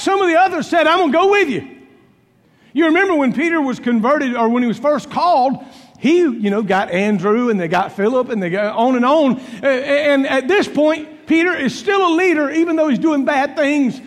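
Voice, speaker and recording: A male preacher with a very high voice, delivering a sermon. He tells the story dramatically, voicing the characters and swinging between booming and hushed lines. His voice carries a long reverb, as from a big hall. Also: lively intonation, normal speed. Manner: dramatic storytelling, acting out biblical dialogue with swings in volume. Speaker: pastor.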